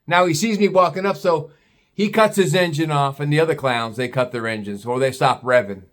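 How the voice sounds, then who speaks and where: Man, ranting neighbor story, profane, scornful, blunt, slightly high voice. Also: a little fast, a bit bright. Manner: acts out other people in put-on voices. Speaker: vlogger.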